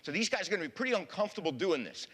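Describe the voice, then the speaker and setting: A man's voice: sits high, sing-song, very fast, fairly bright tone. A man giving a public history talk as a lecturer, folksy, often addressing the audience as folks. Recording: long hall reverb.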